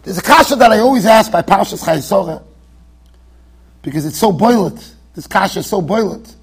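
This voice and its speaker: A man with a strikingly high, husky voice teaches a Torah class in a yeshiva study hall. He lectures with emphasis, throws rhetorical questions at his listeners and circles back over the same phrases. He often stumbles into quick restarts as he builds an argument. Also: expressive.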